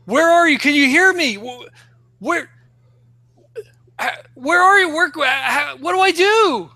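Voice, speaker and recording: A man's voice: very high voice, lively intonation, unhurried, no echo, pitched above the performer's own voice, heavily acted. A man voicing a grief-stricken young man who pleads and cries out in anguish. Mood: pleading. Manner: crying, shouting, pleading.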